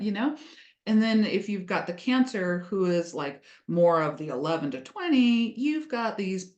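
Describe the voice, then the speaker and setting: A woman who hosts a casual astrology lesson, chatty and playful, slipping into little acted voices. Her voice sits at a middle pitch and carries a roomy echo. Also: animated, moderate pace. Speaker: astrology teacher. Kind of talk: casual teaching talk.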